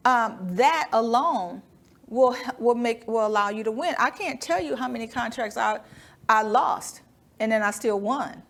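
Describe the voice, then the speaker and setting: Animated, higher-pitched woman telling stories. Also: measured pace, creaky. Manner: animated storyteller, acts out dialogue, laughs often. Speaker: business consultant guest. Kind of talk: storytelling interview talk. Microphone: studio microphone.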